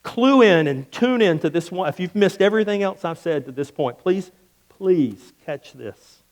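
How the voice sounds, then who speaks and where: A male pastor preaching a sermon emphatically, repeating phrases and dropping low and quiet on key words. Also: animated, normal speed.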